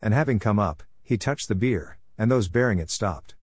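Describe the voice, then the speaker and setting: A man reading a Bible passage aloud in a measured, even way. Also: fairly low pitch, husky, no echo, studio quality. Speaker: scripture reader.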